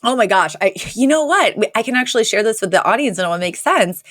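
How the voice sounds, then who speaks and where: A woman's voice: on the high side, lively intonation, fast talker, fairly bright tone, no echo, clean studio sound. A middle-aged woman co-hosting a podcast in casual chat, chatty and laughing often. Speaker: podcast co-host.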